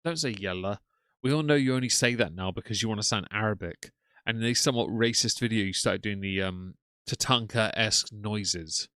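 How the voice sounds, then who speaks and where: A man's voice: fairly low pitch, fairly quick, sharp tone, no room sound. A man giving sardonic, mocking live-stream commentary to his chat from a home desk microphone. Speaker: streamer reacting to clips. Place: home room.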